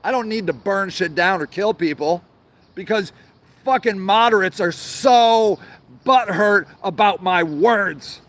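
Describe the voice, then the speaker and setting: Speaking a little slowly in a high, fairly bright voice, a man hosts his own show from an outdoor garden. The rant is angry, sarcastic, and profane, and he keeps repeating himself.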